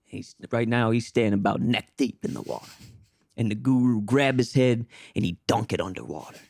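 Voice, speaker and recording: Low-voiced young man telling a story. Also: a little fast, creaky, no echo, clean studio sound. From small-town American. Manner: animated storyteller acting out quoted voices. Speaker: podcast host. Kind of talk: casual storytelling.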